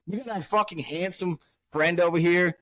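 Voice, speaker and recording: A man's voice: high voice, moderate pace, fairly bright tone, dry recording. A man hosting a casual podcast, swearing constantly and swinging from angry rants to hyped cheer. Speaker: podcast host.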